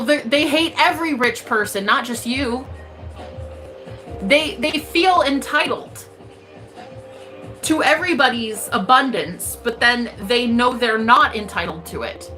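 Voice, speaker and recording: A woman's voice: on the high side, pushed and bright. A woman, a spiritual reader, giving an emphatic, profane motivational rant straight to her viewers.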